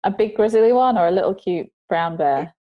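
Podcast host: woman, lively and chatty, quick to laugh. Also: mid-range voice, lo-fi sound. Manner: lively storyteller, laughs easily. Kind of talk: casual interview chat. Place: lives in Australia.

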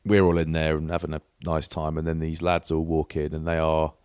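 A man co-hosting a podcast, telling a lively anecdote in casual chat and mimicking the people in it. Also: a bass voice, brisk, smooth, dry recording, studio quality. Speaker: podcast co-host.

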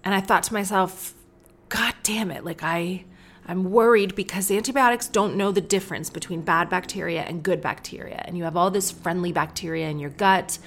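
A woman's voice: fairly low pitch, moderate pace. A woman in her thirties hosting a casual solo podcast from her studio, talking bluntly and chattily, with swearing and quoted asides. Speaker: podcast host. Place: podcast studio with the doors open.

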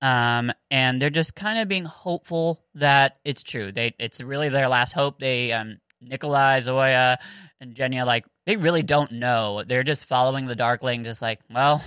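A woman's voice: extremely low pitch, moderate pace, fairly bright tone, clean tone, dry recording, low-quality recording. A Southern American woman co-hosting a casual book-discussion podcast, chatty and giggly with lots of fillers and restarts. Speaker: podcast co-host.

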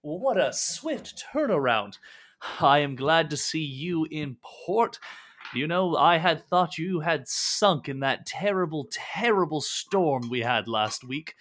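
A man voicing a scheming merchant lord who speaks in theatrical, booming exclamations. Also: lively intonation, takes it slowly, a bit bright. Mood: effusive. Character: scheming merchant lord, middle-aged man, falsely cheerful.

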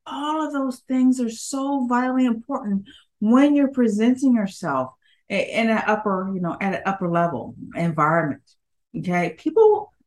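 A woman who is a public speaking coach giving an emphatic talk to her audience, often checking in with "okay?" and swinging her pitch up and down for emphasis. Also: a bit bright.

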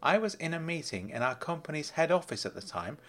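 A man's voice: a little high, big pitch swings, fairly quick, a bit bright, voice pushed up. A man voicing a blunt businessman. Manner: blunt and insistent. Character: firm, insistent wealthy businessman. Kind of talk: storybook reading.

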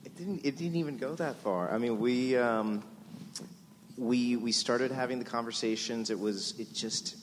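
A man on a panel who talks haltingly, searching for words and restarting. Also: mid-range voice. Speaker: panelist, show creator. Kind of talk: casual panel chat. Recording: echoey hall with faint noise.

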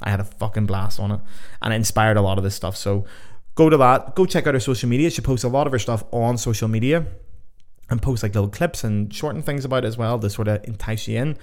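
A man's voice: lowish voice, fast talker. Chatty, swearing Irish man. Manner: chatty, swears freely, rambling. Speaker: podcast host. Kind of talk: casual solo podcast chat.

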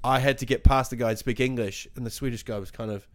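A man's voice: medium pitch, fairly even intonation, quick pace. A man in a casual football chat, talking in a rambling way with many restarts.

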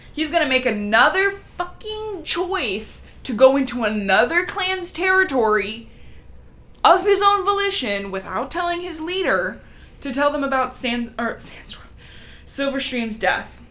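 High-voiced woman recapping a book casually. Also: lively intonation, a bit bright. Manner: quick retelling with brief acted-out cat voices. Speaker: podcast co-host.

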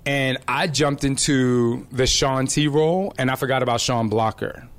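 A middle-aged man shares a raw personal story in a medium-pitched voice. He rambles with fillers and swears now and then, candid and emotional. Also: steady tone, normal speed.

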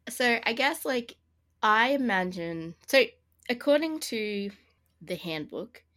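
A woman's voice: fairly high pitch, lively intonation, takes it slowly, fairly bright tone. A woman co-hosting a casual tabletop-game podcast, rambling and laughing often. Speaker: podcast co-host. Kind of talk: casual chat.

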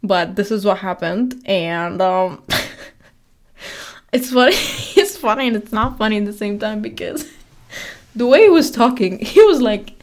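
A woman's voice: mid-range voice, animated, unhurried. Chatty young woman podcaster. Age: 20s. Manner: chatty, laughing, rambling with fillers. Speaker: podcast host. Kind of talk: casual chat.

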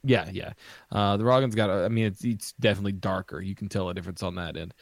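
Man, low pitch, casual, halting delivery, dry recording. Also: fairly even intonation, no room sound. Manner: hesitant, many ums and restarts. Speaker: podcast co-host. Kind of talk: casual chat, reading through beer styles.

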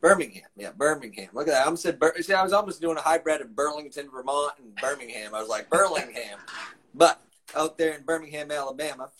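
A man's voice: on the high side, lively intonation, fast, a bit bright. A man hosts a music live stream in a folksy, upbeat way. He chats easily and greets his viewers by name. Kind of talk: casual chat. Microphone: live stream mic.

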